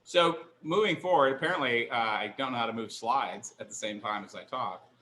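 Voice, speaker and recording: A medium-pitched voice with a sharp tone comes a little fast, in a reverberant space. The speaker is a middle-aged wine instructor leading a live online tasting at his indoor kitchen counter, chatting eagerly and making fun of himself.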